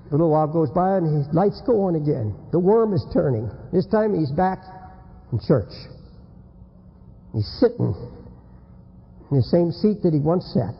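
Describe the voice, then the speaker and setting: A male preacher giving an urgent, dramatic revival sermon, swinging between shouts and hushed warnings. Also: fairly high pitch. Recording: dull old tape with long reverb.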